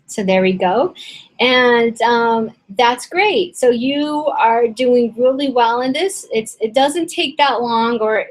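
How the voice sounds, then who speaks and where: A woman hosting a casual online business session. She talks in a chatty, rambling way, full of fillers and restarts, and her voice is a little hoarse and strained. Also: fairly high pitch, slow, low-quality recording. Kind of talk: casual webinar teaching.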